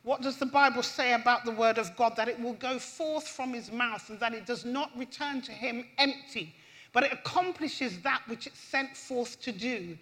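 A woman preaching with a high, bright voice. She reads scripture and builds to impassioned emphasis, her pitch climbing as she drives a point home. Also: moderate pace. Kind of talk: sermon with scripture reading.

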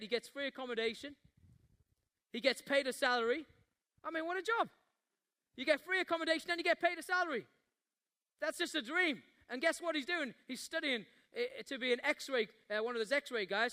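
Man, pastor, passionate sermon, high voice, bright tone, dramatic storytelling. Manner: passionate preaching, acting out Bible scenes with rising intensity.

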